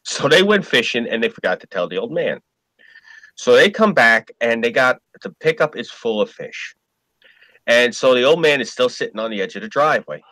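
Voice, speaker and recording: A man telling a story on a casual podcast, animated and profane. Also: mid-range voice, moderate pace, no room sound, rough recording. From New York. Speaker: podcast co-host.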